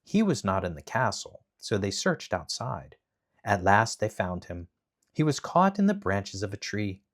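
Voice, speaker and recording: A man reading a children's bedtime story aloud, animated and dramatic in his delivery. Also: fairly low pitch, measured pace.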